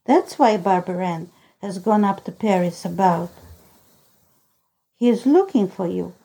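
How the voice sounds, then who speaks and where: A woman's voice: medium pitch, lively intonation, a little slow, gravelly, warm tone, slightly rough, voice pushed down, heavily acted. A woman reading the lines of a kindly old peasant foster mother in a storybook, in a motherly, fond manner. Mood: hushed, earnest.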